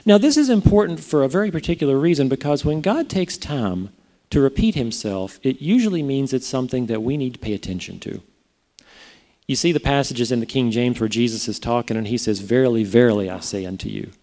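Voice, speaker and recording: Guy preaching, chatty, keeps asking the crowd questions, warm low-key tone. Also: lively intonation, fairly quick. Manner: conversational, asks the congregation rhetorical questions. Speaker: pastor. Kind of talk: sermon.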